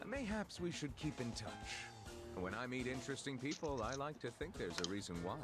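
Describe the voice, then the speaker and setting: An actor playing a polite, amused, persistent and shady gentleman in a video game dub. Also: mid-range voice, big pitch swings, fairly quick, natural voice. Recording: game music underneath.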